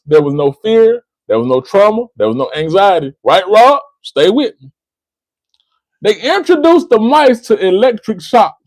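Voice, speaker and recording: A slightly mellow, high male voice belongs to the host of a call-in debate stream, who is lecturing his caller in an argumentative exchange. Repeating the caller's name, he often restarts what he's saying. The recording is dry and rough.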